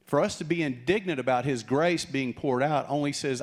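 A man's voice: medium pitch, normal speed, hardly any pauses. A middle-aged male pastor preaching a sermon, telling stories with humor and acting out quoted voices. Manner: animated storytelling, acts out quoted voices with humor.

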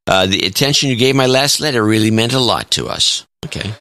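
A man's voice: medium pitch, brisk, pushed and bright, dry recording. A man co-hosting a podcast with dry, wry remarks, reading listener notes aloud. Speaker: podcast co-host.

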